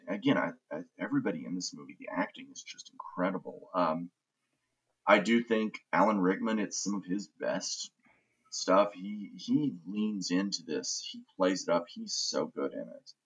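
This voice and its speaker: A man's voice: deep voice, poor audio. A man hosting a casual movie podcast, talking in an opinionated, enthusiastic way with frequent restarts. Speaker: podcast host.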